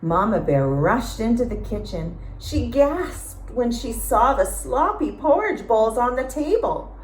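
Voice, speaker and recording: Slow, expressive woman reading aloud. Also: a little high. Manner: slow, expressive, asks listeners questions. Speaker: storytime reader. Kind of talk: children's read-aloud. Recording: echoey room.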